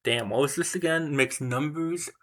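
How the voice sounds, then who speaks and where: A man's voice: fairly high pitch, moderate pace, a bit bright. A man thinking aloud as he studies flashcards, muttering, correcting himself and repeating words over and over to memorize them. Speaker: vlogger learning a language. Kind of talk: casual thinking aloud while studying flashcards.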